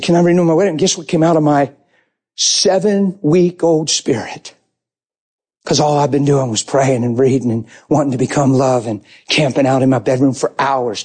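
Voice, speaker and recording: A man telling an emotional sermon testimony, animated, storytelling and rising to shouts. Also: mid-range voice, breathy edge. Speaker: preacher giving testimony.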